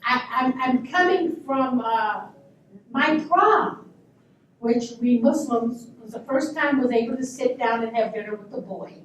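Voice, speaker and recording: A woman in her sixties telling a personal story to a luncheon crowd, animated and emphatic with laughing asides. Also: sits high, unhurried, a little hiss or hum. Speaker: panel guest. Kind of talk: anecdotal storytelling. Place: hotel luncheon room. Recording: echoey room, speaker far from mic.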